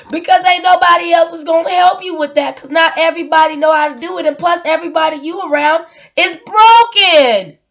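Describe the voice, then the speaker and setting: A woman's voice: very high-pitched, moderate pace, highs cut off. Earnest woman in an emotional vlog. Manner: emotional, earnest, repeats words, rhetorical questions. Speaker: single mother sharing her story. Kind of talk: personal vlog monologue.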